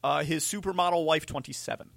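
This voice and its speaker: A man co-hosting a sports radio show, teasing his partner in dry, deadpan banter. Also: on the high side, fast, creaky, dry recording. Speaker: radio co-host.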